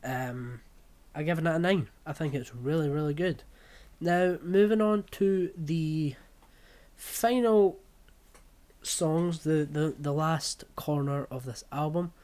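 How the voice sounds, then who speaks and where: A young man talking through a music reaction video. He drops quick, blunt verdicts and scores each track in short, offhand bursts, casual and unpolished. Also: fairly high pitch, a little mellow.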